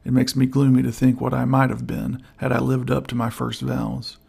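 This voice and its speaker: A man reading the part of a gruff, gloomy old outlaw who offers hushed help. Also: mid-range voice, monotone, normal speed. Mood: low urgent. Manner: rough, hushed, conspiratorial. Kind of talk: audiobook character voice.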